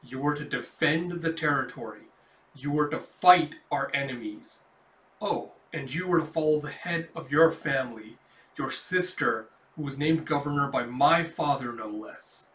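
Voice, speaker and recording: A man voicing a cold, commanding noblewoman who lectures a traitor with measured contempt, read in his own voice from a comic. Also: on the high side, a bit bright, close to an everyday voice. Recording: echoey room.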